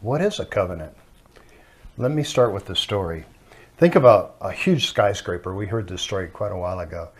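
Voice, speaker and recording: A man's voice: low voice, animated, brisk, husky. An older man teaching a marriage course with his wife, telling stories in a folksy way. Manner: folksy storyteller.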